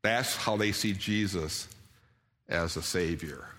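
A man's voice: low voice, slow pace, a bit bright, big-room sound. A man preaching a sermon in an earnest way, often putting questions to his audience.

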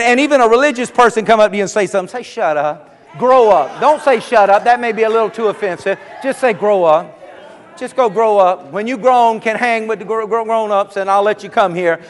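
A man preaching a sermon, his delivery fervent and repetitive, building up to shouts. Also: high-pitched. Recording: long echo of a large hall.

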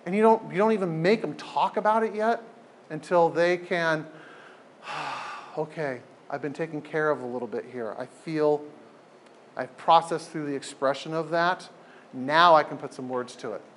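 A man leading an informal group talk, animated and emphatic, often repeating phrases for effect. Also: a little high, normal speed.

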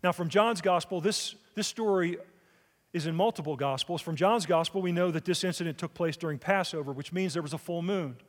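A man's voice: fairly high pitch, a little fast, in a large hall. A man preaching a sermon in church, asking the congregation rhetorical questions. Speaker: pastor.

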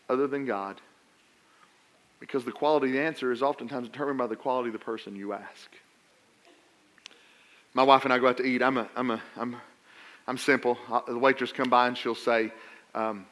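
A middle-aged man preaching a sermon, telling funny stories and swinging between loud emphasis and quiet asides. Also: mid-range voice. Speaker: pastor.

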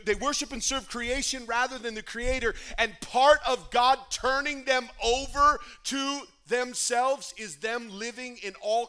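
A man preaching a sermon, impassioned, swinging between hushed talk and loud appeals to the congregation. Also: very high-pitched, clear, resonant tone. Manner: addresses the congregation directly. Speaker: pastor.

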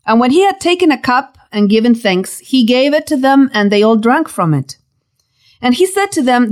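Woman, Bible teacher, devotional narration, dramatic rhetorical questions, fairly high animated voice. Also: normal speed.

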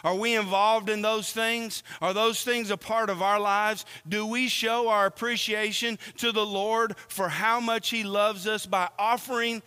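A man preaching a sermon, slow and earnest, asking the congregation questions as he reads from scripture. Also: high-pitched, bright, forceful tone, smooth, big-room sound.

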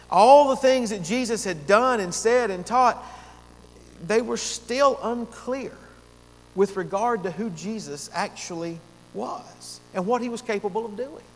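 A man with a high voice preaches an earnest expository sermon and slows down to lean on the words that matter. His voice rings with a long reverb, as in a church sanctuary. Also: slight background noise. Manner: earnest preaching, slowing down to stress key words. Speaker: pastor.

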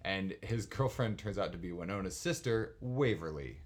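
A man in casual podcast chat, summarizing an episode in a dry, matter-of-fact way. His voice sits fairly low. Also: animated, normal speed. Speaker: podcast co-host recapping a show.

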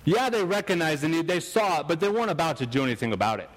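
A man's voice: a little high, expressive, fast, in a large hall, rough recording. A man preaching a sermon, telling stories with animation and acting out the voices of people he quotes. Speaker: pastor.

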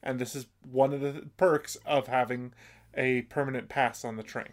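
This is a man with an ordinary mid-range voice who is co-discussing an episode. He mostly adds quick details and corrections to his partner's retelling. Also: mid-range voice, fairly even intonation. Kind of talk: casual chat about an anime episode.

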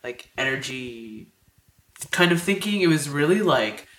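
A woman's voice: low voice, animated, unhurried, noisy background. Young woman co-hosting a podcast, chill and reflective, says like a lot, echoey room. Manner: reflective, lots of "like" and "you know". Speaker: podcast co-host. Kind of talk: casual podcast chat. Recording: roomy echo.

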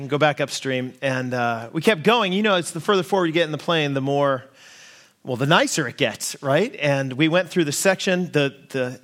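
Humorous American pastor telling a story. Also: male voice, mid-range voice, fairly bright tone. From United States. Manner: humorous, self-deprecating anecdote telling. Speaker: lead pastor. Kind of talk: sermon storytelling.

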